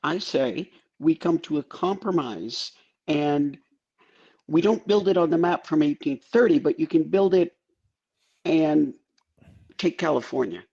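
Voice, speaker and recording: A man's voice: a little high, expressive, a little slow, vocal fry, long pauses, a little mellow, husky. A man co-hosting a live political stream, making wry joking asides in casual chat. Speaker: co-host. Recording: dull lo-fi sound.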